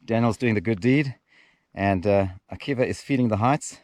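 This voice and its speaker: A trail running tour guide with a lowish, darkish voice narrates a vlog at normal speed while guiding a run through desert hills, with no echo. He is upbeat and jokes as he explains the landmarks.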